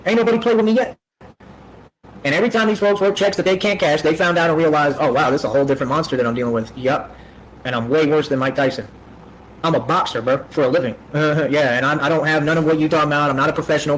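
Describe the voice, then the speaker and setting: A man with a high voice rants at a rapid clip on a livestream. He is boastful and combative and leans hard on street slang. A faint noise hums behind him. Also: poor audio. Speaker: streamer. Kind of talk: confrontational livestream rant.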